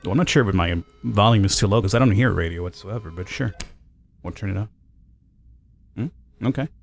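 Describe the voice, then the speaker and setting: A man's voice: lowish voice, brisk, creaky, faint music behind. A man casually commentating a game playthrough, chatty, thinking aloud and reading notes out. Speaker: gameplay commentator. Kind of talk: let's play commentary.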